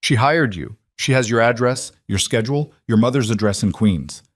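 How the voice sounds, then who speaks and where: A man's voice: medium pitch, animated, moderate pace, dry recording, clean studio sound, close to an everyday voice. A man reading a commanding male mafia boss who gives clipped, urgent orders.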